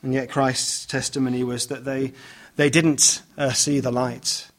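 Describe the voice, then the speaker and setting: A man preaching a sermon, speaking in a measured way with many "uh" fillers and restarts as he reads scripture aloud and explains it. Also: mid-range voice, little pitch movement.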